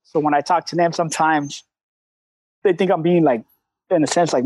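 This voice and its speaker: High-voiced candid streetwise man. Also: fairly quick, darkish tone, slightly rough, low-quality recording. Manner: candid, streetwise slang, frequent cussing. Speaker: CrossFit coach, guest. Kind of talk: casual interview talk.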